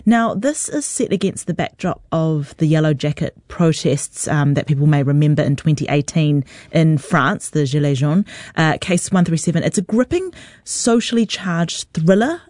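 Low-voiced woman hosting a film chat. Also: normal speed, darkish tone, no room sound. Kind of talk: casual radio film review chat.

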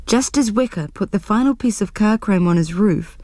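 Brief: New woman storyteller, warm mellow tone, dry close sound. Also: mid-range voice, moderate pace, no room sound. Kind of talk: storybook reading.

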